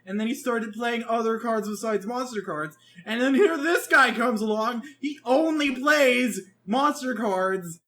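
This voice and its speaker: A man co-hosting a podcast, chatting casually in an animated, rambling way, with lots of swearing and restarts. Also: extremely high pitch, a little slow, few pauses. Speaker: podcast co-host reviewing an anime. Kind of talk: casual chat.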